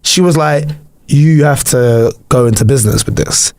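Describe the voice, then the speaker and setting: A man's voice: mid-range voice, moderate pace, darkish tone. A man, co-hosting a podcast and telling crude, jokey stories in a rambling, casual way. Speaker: podcast co-host. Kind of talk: casual chat.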